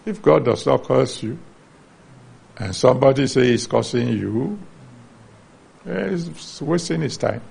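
A man's voice: medium pitch, expressive, a little slow, vocal fry, long pauses, darkish tone, husky. A man preaching a sermon, earnestly teaching from the Bible and citing chapter and verse.

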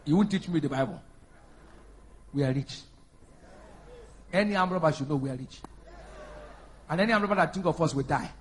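A man preaching a sermon, calling out to the congregation and rising to loud, emphatic bursts. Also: a little high, brisk, long pauses, a little hiss or hum. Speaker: pastor.

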